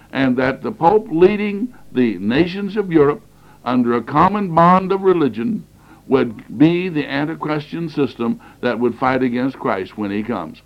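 A man's voice: a little high, muffled recording. A man recovering from the flu, coughing now and then, giving an earnest, emphatic lecture on Bible prophecy that stresses points by repeating phrases, recorded on a cassette tape.

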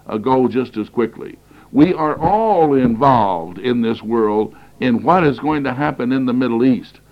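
A man's voice: medium pitch, lo-fi sound. A man recovering from the flu, coughing now and then, giving an earnest, emphatic lecture on Bible prophecy that stresses points by repeating phrases, recorded on a cassette tape.

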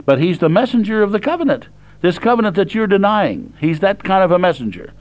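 Older man preaching, high plain-spoken voice. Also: very animated. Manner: plain-spoken, reads verses slowly then explains. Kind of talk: sermon reading and explaining scripture.

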